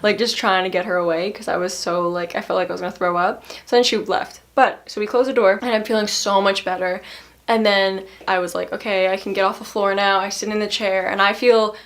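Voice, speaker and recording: A young woman vlogger casually telling a personal story, chatty and laughing, acting out other people's lines in a higher voice. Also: fairly even intonation, a little fast, a bit bright.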